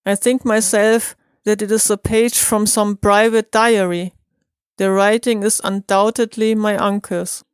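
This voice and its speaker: Brisk detective urging action in a storybook reading, commanding tone , read by a German-accented woman. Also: medium pitch, level tone, smooth, no room sound, clean studio sound, natural voice. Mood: urgent. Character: brisk, forceful adult male detective.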